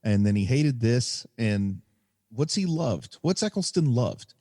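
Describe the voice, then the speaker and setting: A man's voice: medium pitch, very animated, a little slow, mellow, no echo, studio quality. A man co-hosting a casual movie podcast, sharing trivia and laughing easily. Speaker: podcast co-host.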